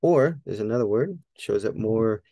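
Gravelly-voiced man teaching Greek. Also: on the low side, animated, dark tone, no echo. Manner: thinks aloud, checks himself, many fillers; repeats Greek words slowly to model them. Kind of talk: casual spoken lesson.

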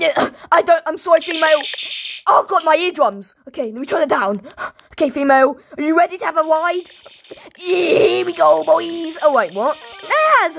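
Very high-pitched, excitable gamer girl. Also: vocal fry. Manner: goofy, excitable, shouty outbursts. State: sore throat. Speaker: gaming video creator. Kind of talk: playful gameplay commentary.

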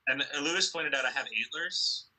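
A man's voice: on the high side, moderate pace, husky, low-quality recording. A young man chatting casually with bandmates on a video call, laughing often and filling with ums. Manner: relaxed, laughing, many fillers. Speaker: band member hosting a livestream. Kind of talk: casual group chat.

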